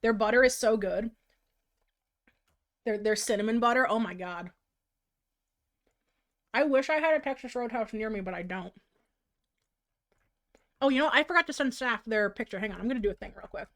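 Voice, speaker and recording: A woman streamer chatting casually while she draws, bubbly and quick to laugh. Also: a little high. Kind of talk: casual livestream chat.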